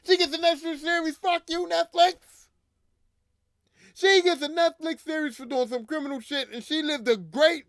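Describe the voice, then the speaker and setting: A man's voice: extremely high pitch, steady tone, moderate pace, a bit bright, no echo, clean studio sound. A man hosting a podcast, ranting in casual, profane, slangy talk, repeating himself, a little drunk. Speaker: podcast host.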